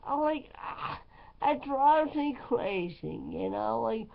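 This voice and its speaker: A woman's voice: on the high side, lively intonation, takes it slowly, vocal fry. A woman DJ talking in a casual vlog, rambling and emphatic with lots of fillers. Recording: slightly dull lo-fi sound.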